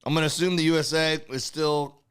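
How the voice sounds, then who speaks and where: A comedian co-hosting a casual podcast, teasing his co-host with deadpan jokes. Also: a little high, fast talker, clear, resonant tone, no room sound, clean studio sound.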